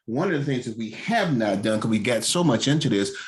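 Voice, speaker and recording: A man's voice: medium pitch, lively intonation, a little fast. A man hosting an interview, talking in a loose, rambling way. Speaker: host. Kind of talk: interview conversation.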